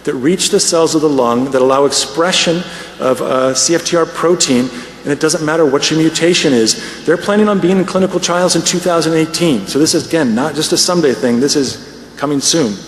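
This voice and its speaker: Man presenting at a conference plenary, slightly high voice, long hall reverb. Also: fairly quick. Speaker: conference speaker. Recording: echoey hall with faint noise.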